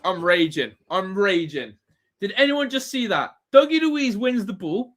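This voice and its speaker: A man's voice: high voice, very animated, measured pace, fairly bright tone. A man hosting a live football watch-along, ranting and swearing in exasperation at his team. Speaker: fan channel host.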